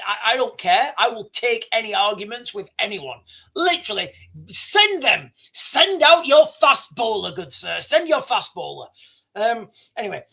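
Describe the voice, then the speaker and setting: A man's voice: high-pitched, bright, forceful tone. A man hosting a livestream, commenting on a news article he reads aloud. His voice swings widely up and down as he makes his points emphatically. He often repeats lines and trips over words before restarting. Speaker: livestream host.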